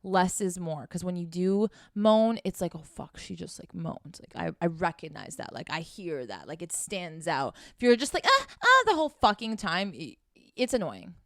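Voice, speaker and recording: A woman's voice: lowish voice, very animated, normal speed, no room sound, clean studio sound. Frank, profane woman giving dating advice. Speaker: dating and sex coach. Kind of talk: casual advice vlog.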